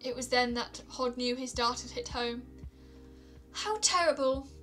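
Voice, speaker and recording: A woman reading myths aloud on a stream, calm, with small stumbles and restarts. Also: fairly high pitch, moderate pace, faint music behind. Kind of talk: storytelling read-aloud.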